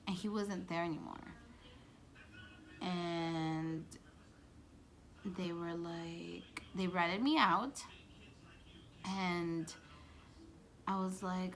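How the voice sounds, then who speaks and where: A young woman tells a storytime vlog in a lively, chatty way, peppering her talk with "like." Her voice is bright and sharp, a little low in pitch. Faint ambient noise sits behind her. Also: takes it slowly. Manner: animated, chatty storytelling with many "like"s. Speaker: vlogger.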